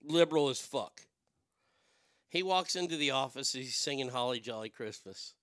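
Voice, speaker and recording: Man, radio host, bright crisp voice, profane ranting, dry studio sound. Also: mid-range voice, animated, normal speed, no echo. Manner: profane, building to shouted outrage. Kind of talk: storytelling and ranting.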